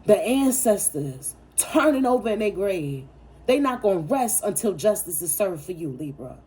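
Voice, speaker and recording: Warm, husky woman reading tarot. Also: mid-range voice, big pitch swings, normal speed. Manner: emphatic, preachy, repeats phrases for effect; profane and blunt. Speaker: tarot reader. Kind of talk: casual spiritual tarot reading.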